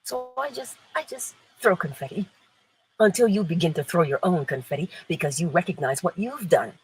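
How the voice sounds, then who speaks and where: A woman's voice: on the low side, lively intonation, moderate pace, a little hiss or hum, low-quality recording. A woman hosting an inspirational morning livestream, playful and emphatic, laughing often and answering viewers in the chat. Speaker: livestream host.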